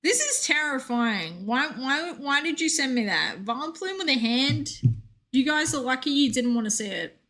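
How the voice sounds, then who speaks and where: Young woman game streamer, higher and bright, chatty and jokey, reacting to chat. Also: lively intonation, normal speed. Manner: chatty, reads chat aloud, joking asides. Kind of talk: casual live-stream chat.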